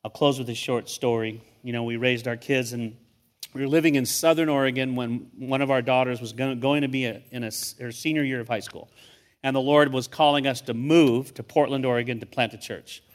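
A man's voice: mid-range voice, steady tone, brisk. An older man, a guest pastor, preaching to a church congregation in a conversational, storytelling way, often repeating words as he starts a thought. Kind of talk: sermon.

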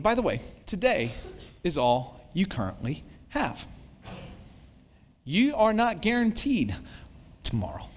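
A man's voice: extremely high pitch, sing-song, normal speed. A man, a pastor, giving a conversational sermon, self-deprecating and acting out the voices of worried people.

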